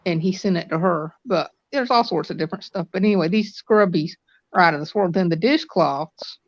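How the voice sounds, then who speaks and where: This older woman has a lowish voice and talks in a chatty, rambling way, walking through the details patiently. The audio is dry and close, with a dull, lo-fi quality from the stream. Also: fairly quick, no echo. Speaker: guest on a live stream panel. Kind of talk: casual chat.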